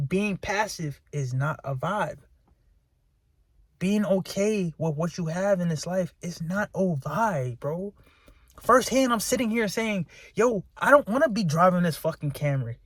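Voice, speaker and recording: A man's voice: a little high, no room sound, clean studio sound. A man, venting in a candid, self-critical, profane rant to his viewers. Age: 20s. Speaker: vlogger.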